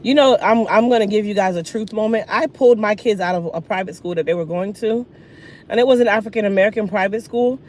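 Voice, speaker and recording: Woman, thirties, sassy rant, speaking while eating, middle-pitched voice. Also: fast, a little hiss or hum. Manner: animated, sassy, talks with food in mouth. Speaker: hair care vlogger. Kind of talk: casual rant while getting ready.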